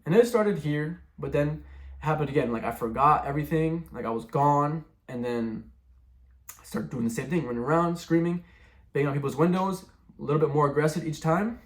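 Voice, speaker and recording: Briskly and in a slightly high voice, a young man recounts his personal testimony. He rambles in a relaxed way, his speech full of "like" and "bro."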